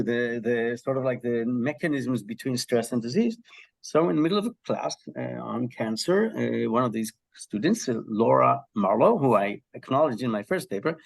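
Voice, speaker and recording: Gravelly-voiced man, lively storytelling guest. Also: medium pitch. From Israel. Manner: animated storyteller, frequent ums and restarts. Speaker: guest, health psychology professor. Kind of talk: conversational interview answer.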